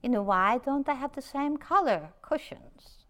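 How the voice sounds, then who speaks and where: A woman meditation teacher giving a reflective, gently inviting dharma talk at a retreat. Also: high voice, animated, normal speed.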